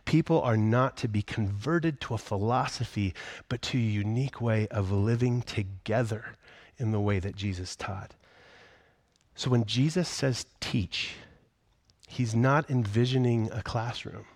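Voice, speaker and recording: Man, pastor, middle-aged, low voice, dry close sound, conversational sermon with hushed moments. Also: a little slow, no echo. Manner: conversational, dropping to hushed whispers on key phrases.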